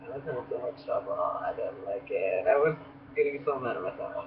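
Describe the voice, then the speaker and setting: A man's voice: mid-range voice, animated, brisk. A young man, a beauty school student, telling a rambling story in a casual vlog, laughing often and restarting sentences. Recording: muffled lo-fi audio with background noise.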